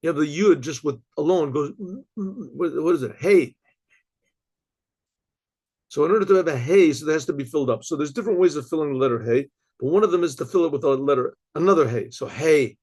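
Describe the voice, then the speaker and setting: An older rabbi teaching a class in a husky, slightly raised voice. His talk is loose and digressive, circling back with repeated phrases and frequent "okay, so", broken up by throat-clearing. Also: fairly high pitch, fairly quick, darkish tone. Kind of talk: informal Torah lecture.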